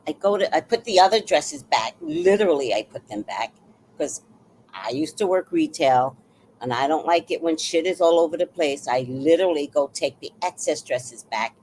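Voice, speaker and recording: Animated woman telling a story. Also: low voice, slight background noise, rough recording. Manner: animated, acts out quoted voices. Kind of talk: casual storytelling monologue.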